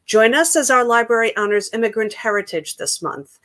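A woman's voice: on the high side, brisk, a bit bright. A woman, a children's librarian from Queens leading an upbeat, sing-song story time with songs. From Queens, New York.

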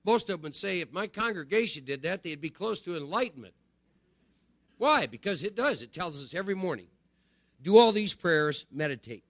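A middle-aged man speaks to a recovery group about spiritual practice in a loose, conversational way, repeating phrases and tossing in "right?". His voice sits slightly high for a man. The sound is close and dry, with almost no room in it. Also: big pitch swings, brisk, fairly bright tone, dry recording.

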